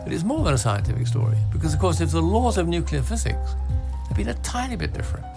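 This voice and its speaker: A man's voice: on the high side, very animated, creaky. Older Englishman explaining science, music behind. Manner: measured, storytelling explanation. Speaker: physicist and cleric. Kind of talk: recorded lecture talk.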